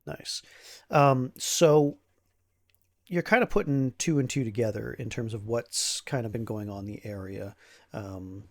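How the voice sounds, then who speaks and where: Narrating a tabletop game as game master, this man talks a little slowly in a mid-range voice. He keeps things relaxed and easygoing, laughing readily and using many ums and uhs.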